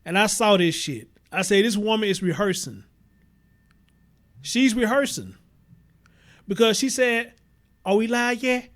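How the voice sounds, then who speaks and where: A man's voice: high-pitched, big pitch swings, a little slow, pauses often, fairly bright tone. Blunt profane man streaming commentary. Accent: Southern US, Houston. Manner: blunt, profane, repeats himself, reads viewer comments aloud. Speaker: livestream host. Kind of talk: casual livestream commentary.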